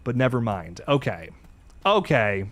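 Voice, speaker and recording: A man hosting a horror game let's play, talking to viewers as he plays, jumpy and excitable, swearing when startled. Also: medium pitch, measured pace. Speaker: gaming channel host.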